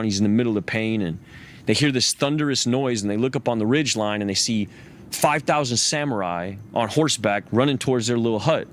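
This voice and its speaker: A man telling a long story in casual talk. He swears freely, rambles, and often restarts his sentences. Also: mid-range voice. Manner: profane, rambling, restarts a lot. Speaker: interview guest.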